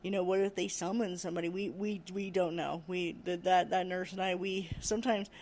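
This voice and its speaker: A woman recounting a frightening experience from her care work, halting, repeating words and laughing nervously. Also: lowish voice, fairly even intonation, darkish tone. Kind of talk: personal storytelling.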